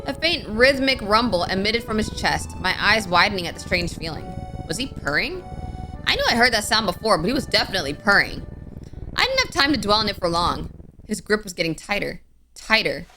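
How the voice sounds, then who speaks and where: A young woman streamer reading a game story aloud with dramatic flair and playful casual asides. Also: mid-range voice. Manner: expressive, with sudden playful outbursts.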